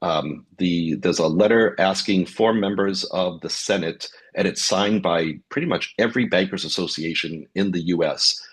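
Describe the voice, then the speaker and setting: A man as a guest on a fintech podcast, explaining in a measured way, with many ums and uhs. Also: low-pitched, slightly rough. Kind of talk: casual podcast conversation.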